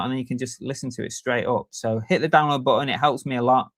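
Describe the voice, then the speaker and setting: A man's voice: mid-range voice, fast, hardly any pauses, dry recording. A man co-hosting a casual podcast, chatty and jokey as he reads out listener stats. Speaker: podcast co-host. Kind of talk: casual chat.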